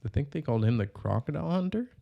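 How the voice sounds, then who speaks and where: A man's voice: a little high, very animated, fast, creaky, muffled recording. A young man co-hosting a podcast, offhand and slangy, joking as he chats. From United States. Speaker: podcast co-host. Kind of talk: casual chat.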